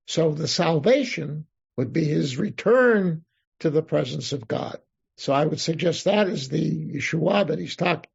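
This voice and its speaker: A man, a rabbi, teaching an interactive Psalms class, reading Hebrew verses slowly and then explaining them while thinking aloud. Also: on the high side, vocal fry, a little mellow, breathy edge. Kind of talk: interactive text study class. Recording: dull lo-fi class recording.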